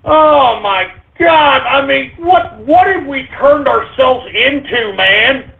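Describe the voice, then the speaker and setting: A man hosting a talk radio show, ranting angrily with shouting and profanity. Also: very high-pitched, expressive, slow pace, vocal fry. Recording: tinny phone-like lo-fi.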